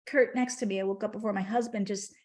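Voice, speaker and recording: A woman's voice: mid-range voice, fairly even intonation, quick pace, a little mellow. A middle-aged woman, a podcast guest, telling a heartfelt spiritual story in conversation.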